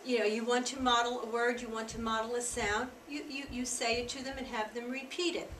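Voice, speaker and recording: An American woman training tutors in a workshop, talking in an animated, emphatic way and demonstrating sounds aloud. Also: on the high side, brisk, a little hiss or hum. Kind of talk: teaching workshop presentation. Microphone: distant room mic. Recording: echoey room from a distance, faint ambience.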